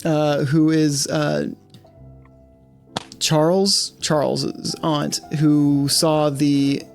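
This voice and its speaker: A man's voice: fairly high pitch, flat delivery, drawn-out words, vocal fry, faint music behind. A man running a tabletop game as game master, rambling with many fillers and reading out prepared scene text.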